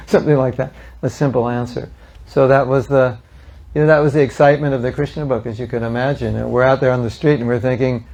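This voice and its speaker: An older man telling animated, humorous stories to a devotional gathering, acting out the people he quotes. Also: medium pitch, normal speed, long pauses, dull audio. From United States. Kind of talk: storytelling talk to an audience.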